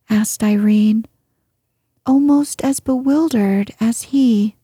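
A woman narrating a storybook chapter aloud in a soft, breathy voice. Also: medium pitch, slow, no room sound, studio quality. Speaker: audiobook narrator.

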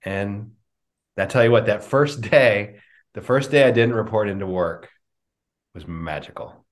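A middle-aged man, a business coach, answering interview questions with lively storytelling and acted-out dialogue over a video call. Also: lowish voice, measured pace. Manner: animated storyteller, acts out quoted dialogue. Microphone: remote video call.

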